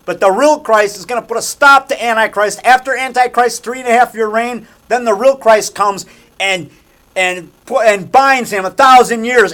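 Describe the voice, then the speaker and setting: A man's voice: high-pitched, fairly bright tone. A man who makes horror movies, rambling in a casual vlog from a small framing shop, promoting himself and repeating himself like a showman. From Chicago area. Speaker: horror movie maker and actor.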